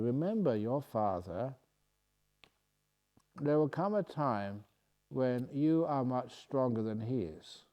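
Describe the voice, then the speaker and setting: Playful monk answering retreat questions. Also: male voice, mid-range voice, lo-fi sound. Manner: humorous, playful, reads questions aloud then answers. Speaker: Buddhist monk and meditation teacher.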